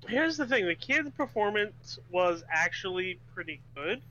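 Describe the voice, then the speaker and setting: A man's voice: high voice, very animated, unhurried, pushed and bright, lo-fi sound. A man co-hosting a podcast, criticizing a film with sardonic, dry jokes. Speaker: podcast co-host. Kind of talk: casual chat about a film.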